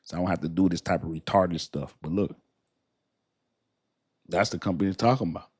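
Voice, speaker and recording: A man's voice: deep voice, brisk, slightly rough. A man hosting a casual crypto livestream, talking straight to his viewers in a rambling, slangy way, laughing often and poking fun at himself. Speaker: crypto channel host.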